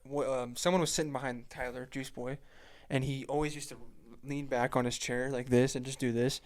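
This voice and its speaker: A young man guesting on a podcast, cutting in with quick jokes in casual chat. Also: mid-range voice, fairly even intonation.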